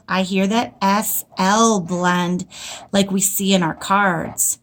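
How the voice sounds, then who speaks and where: Speaking in a medium pitch, a teacher leads a writing lesson for young children. Her delivery is slow and sing-song, with drawn-out words.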